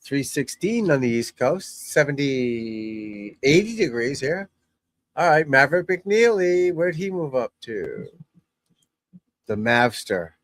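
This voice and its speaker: A man's voice: medium pitch, big pitch swings, takes it slowly, dry recording. A middle-aged man, a golf instructor, chatting casually and bluntly while watching golf on TV, rambling and swearing freely. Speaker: golf instructor and channel host.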